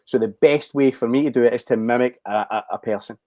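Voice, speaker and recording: A Scottish man in his forties, an actor talking in a casual interview, thoughtful and halting with frequent restarts. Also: medium pitch, warm tone, dry recording. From Scotland. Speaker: actor, guest.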